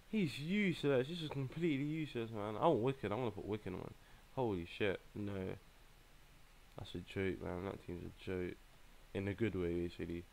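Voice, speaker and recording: A young man, giving a casual running commentary as he plays a mobile game, reacting in an exasperated, excitable way with plenty of slang. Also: mid-range voice, normal speed. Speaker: gaming channel host.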